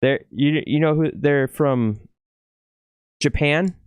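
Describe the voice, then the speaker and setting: Rambling laid-back man, smooth voice. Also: on the high side, takes it slowly, dry recording. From California. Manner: rambling, laughs easily, repeats words. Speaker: podcast guest, musician. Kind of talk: casual chat.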